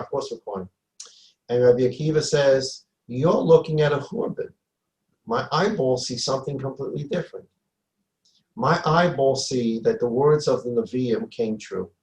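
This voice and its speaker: A man's voice: mid-range voice, moderate pace, a little mellow, reverberant, rough recording. A man giving a Torah class as a rabbi, emphatic, repeating phrases and acting out dialogue. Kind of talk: Torah lecture.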